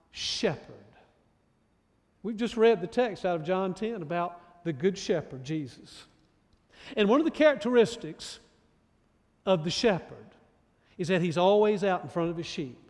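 High-voiced preaching man in a reverberant hall. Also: a little mellow. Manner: emphatic preaching with repeated restarts. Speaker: pastor. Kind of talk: sermon.

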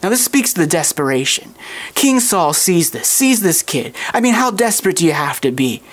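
A preacher giving a sermon in an animated, conversational storytelling manner. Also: medium pitch, moderate pace.

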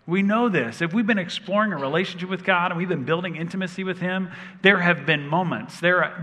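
A man's voice: a little high, bright, forceful tone. A man in his thirties preaching a sermon as a pastor, telling stories with humor and animation. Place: large church hall. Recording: long reverb of a big hall.

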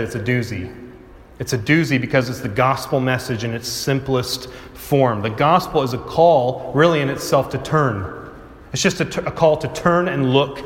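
A young man preaching a sermon, swinging from urgent, rising pleas down to low, soft appeals. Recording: echoey hall.

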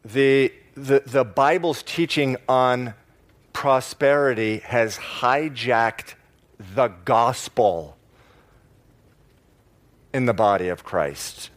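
A man preaching a sermon to a congregation in church, stressing key words by slowing down and repeating phrases. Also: medium pitch. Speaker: pastor.

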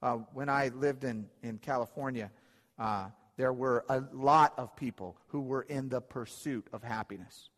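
A man's voice: mid-range voice, moderate pace. A man preaching a sermon in an earnest, emphatic way, often repeating his key phrases. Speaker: pastor. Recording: long hall reverb.

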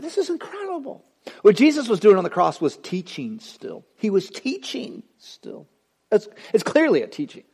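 A man preaching a sermon as pastor, swinging between loud passionate peaks and hushed low passages. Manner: dramatic preaching, voice rising and dropping sharply. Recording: long hall reverb.

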